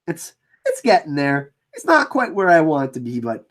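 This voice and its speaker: A man hosting a casual livestream, chatting with viewers and reading out their comments and shout-outs. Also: fairly high pitch, huge pitch swings, moderate pace. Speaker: livestream host. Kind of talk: casual live-stream chat.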